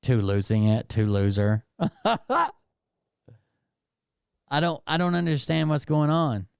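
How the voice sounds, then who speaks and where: A man's voice: fairly high pitch, animated, slow pace, creaky, smooth, no room sound, clean studio sound. A man doing casual, sarcastic live-stream commentary, mocking and swearing as he reacts.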